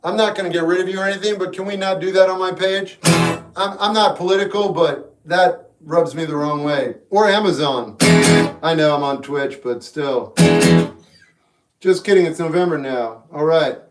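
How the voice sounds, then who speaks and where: A man's voice: on the high side, normal speed. A young man streaming live, chatting casually and jokingly with his viewers as he rambles from thought to thought. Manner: rambling, jokey, talks back to chat. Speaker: livestreamer. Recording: roomy echo, faint guitar music behind.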